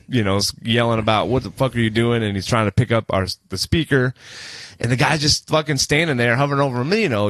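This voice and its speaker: A man tells a story in casual podcast chat, rambling and cursing as he goes. His voice sits at a mid pitch. The recording is close and dry. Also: a bit bright, dry recording. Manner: rambling storyteller, swears freely. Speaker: podcast co-host.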